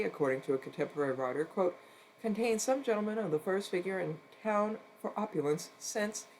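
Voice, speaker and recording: A streamer cold-reading a non-fiction history text aloud at a steady pace, saying "quote" and "end quote" around quotations and adding brief wry asides between passages. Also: mid-range voice, slight background noise, low-quality recording.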